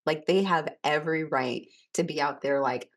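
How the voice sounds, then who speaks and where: A woman podcast co-host telling a personal story in a casual, animated way, laughing often and filling her talk with "like". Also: sits low, normal speed.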